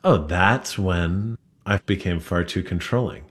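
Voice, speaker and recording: A man with a very low, deep voice who talks reflectively in a radio interview. He tells long stories at an unhurried, thoughtful pace. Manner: reflective, storytelling. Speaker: restaurateur guest. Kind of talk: interview conversation.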